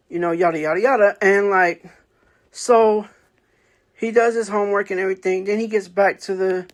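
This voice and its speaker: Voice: medium pitch, little pitch movement, moderate pace. Casual book-review host, rambling delivery, lots of fillers and self-corrections. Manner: rambling, many fillers and restarts; acts out characters' lines in a raised voice. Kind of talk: casual spoken book review, retelling the plot.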